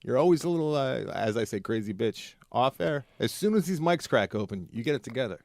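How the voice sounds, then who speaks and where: A man co-hosting a podcast, chiming in with quick teasing quips during casual studio banter. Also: medium pitch, lively intonation, a little mellow, no echo. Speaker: podcast co-host. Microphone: studio microphone.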